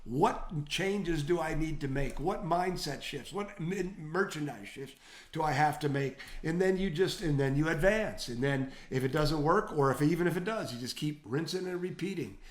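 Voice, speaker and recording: A man with a Michigan accent co-hosting a retail training webinar, giving advice in an energetic, coaching tone. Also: on the high side, normal speed, echoey room. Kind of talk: casual webinar talk.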